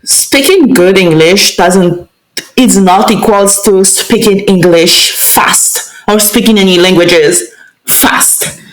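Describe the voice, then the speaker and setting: A woman's voice: mid-range voice, takes it slowly. A woman hosting a casual conversation, speaking hesitantly with many fillers. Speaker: host. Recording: echoey room.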